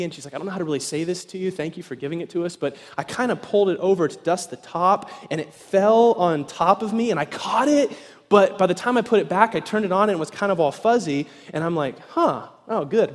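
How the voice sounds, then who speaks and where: A man preaching an evening sermon as pastor, telling a story animatedly and acting out voices, sometimes shouting with excitement. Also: high-pitched, a little fast. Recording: long reverb in a large hall.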